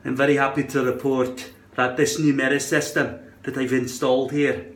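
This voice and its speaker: A man's voice: mid-range voice, level tone, moderate pace, reverberant. A man doing a playful put-on Scottish accent, swearing now and then, while casually explaining how to attach a hairpiece in front of a mirror at home. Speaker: hairpiece vlogger.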